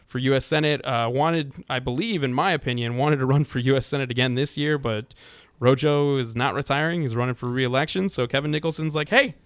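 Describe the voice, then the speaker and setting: A man's voice: mid-range voice, a little fast, clear, resonant tone, dry recording. A man co-hosting a political call-in show, rambling with frequent restarts. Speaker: radio talk show co-host. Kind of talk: casual political call-in talk.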